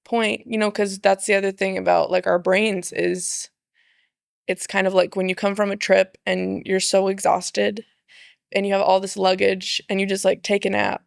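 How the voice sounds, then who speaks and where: A woman talks casually as a podcast guest, with some gravel and fry in her voice. She is playful and acts out her own thoughts in little voices. The sound is dry and close to the mic. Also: mid-range voice, flat delivery, moderate pace, dry recording. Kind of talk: casual chat.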